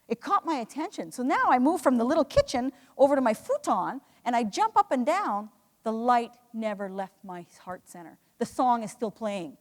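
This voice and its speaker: A woman's voice: fairly high pitch, expressive, brisk. A woman giving an earnest, emotional motivational talk to a live audience, telling her story with many restarts. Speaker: speaker. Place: hall. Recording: echoey hall.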